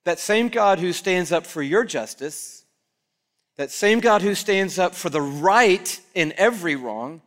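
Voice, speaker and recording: A man pastor preaching an animated sermon in a church, acting out the prayers and voices he quotes. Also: high voice, a little slow.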